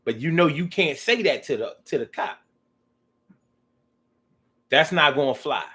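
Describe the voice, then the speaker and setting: A man talking in a casual, rambling monologue, animated and profane, to his own audience. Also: fairly high pitch, a little slow. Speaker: vlogger.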